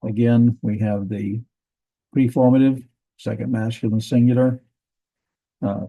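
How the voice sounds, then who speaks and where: Dark-voiced man teaching a grammar class. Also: medium pitch, steady tone, a little slow, creaky, pauses often, breathy edge, lo-fi sound. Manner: methodical, repeats words, many fillers. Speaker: Bible language teacher.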